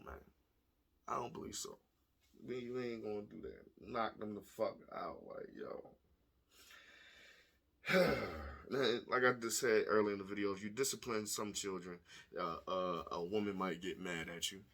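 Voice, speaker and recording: A man giving blunt, profane, animated commentary to the camera, telling stories and speaking plainly as a stepfather. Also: lowish voice, unhurried, long pauses. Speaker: vlogger. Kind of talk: casual commentary video.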